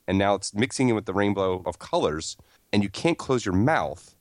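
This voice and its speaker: Low-voiced man with a lively delivery. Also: no echo, studio quality. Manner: rambling, drawn-out comic buildup. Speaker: podcast co-host. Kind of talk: casual comedic storytelling.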